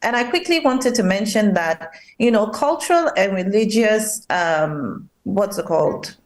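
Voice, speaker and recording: A woman on a TV studio panel, explaining relationship advice clearly and at length. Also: medium pitch, expressive, unhurried, roomy sound. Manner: articulate, explanatory.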